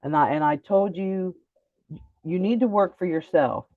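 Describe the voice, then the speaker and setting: A woman's voice: on the low side, measured pace, dry recording, phone-quality sound. A woman co-hosting a live stream, chatting casually with a playful, teasing manner. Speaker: co-host.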